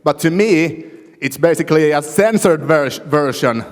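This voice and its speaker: A man from Finland takes the audience mic, his somewhat high voice relaxed and a little halting. Long hall reverb trails each phrase. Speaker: audience member asking a question. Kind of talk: casual chat.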